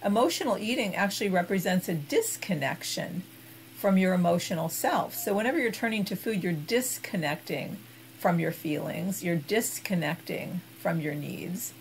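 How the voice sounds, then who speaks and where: A woman giving an instructional talk as an expert on emotional eating, guiding gently and unhurriedly with soft hesitations. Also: fairly low pitch, expressive, moderate pace, a little hiss or hum, rough recording.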